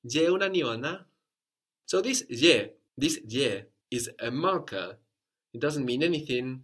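A man's voice: lowish voice, fairly bright tone. A man teaching a language lesson, patiently explaining step by step and modeling phrases for a learner to repeat.

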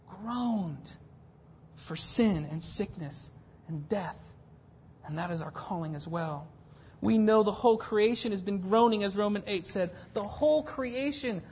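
A woman pastor in her thirties preaching a sermon, emphatic, swinging between hushed and intense passages. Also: medium pitch, slight background noise. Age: 30s. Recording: dull lo-fi church recording.

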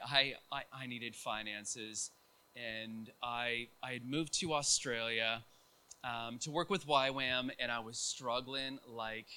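A middle-aged man preaching a sermon, telling a personal story in a casual, animated way with many fillers and restarts. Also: mid-range voice.

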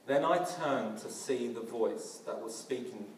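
Earnest preacher in a roomy hall. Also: male voice, medium pitch, unhurried, a little hiss or hum. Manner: earnest, with frequent restarts and fillers. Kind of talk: sermon. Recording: roomy, from a distance.

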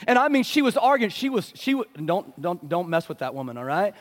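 High-voiced preaching man, loud and hushed by turns. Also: fast talker, few pauses. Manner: preaching with big swings from loud pleading to hushed; calls for "amen" from the congregation. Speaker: pastor. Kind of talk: sermon.

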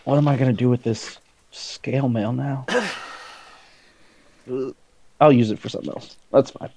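A man's voice: medium pitch, fairly even intonation, brisk, warm tone. A man playing his character in a tabletop game, hesitant and fumbling with lots of uh and um. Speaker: player.

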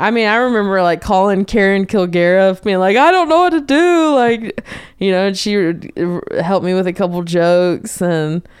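A woman's voice: lowish voice, clear, resonant tone, no echo, clean studio sound. A woman in her thirties from North Carolina, a comedian guest talking casually on a podcast, chatty with lots of fillers and restarts. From North Carolina, USA. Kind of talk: casual conversation. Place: indoor home studio room.

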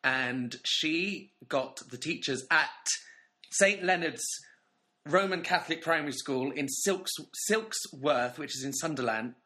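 A man's voice: on the high side, a little slow, bright, forceful tone. A man co-hosting a casual podcast, joking around playfully. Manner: playful, jokey, reading reviews aloud. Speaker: podcast co-host.

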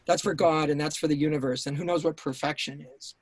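A man's voice: a little high, fairly even intonation, quick pace, no room sound. Intense, restless man telling stories. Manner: intense, swears, many restarts. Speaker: writer-director guest. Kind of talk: casual interview storytelling.

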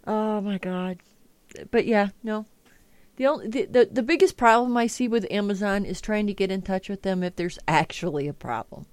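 A woman's voice: medium pitch, moderate pace, no echo. Profane ranting woman podcast host. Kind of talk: casual chat.

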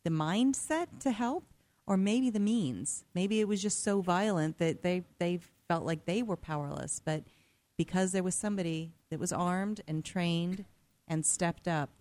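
A woman hosting a radio talk show, introducing stories with a slow, dramatic delivery and chatting with her co-host. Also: lowish voice, a little mellow.

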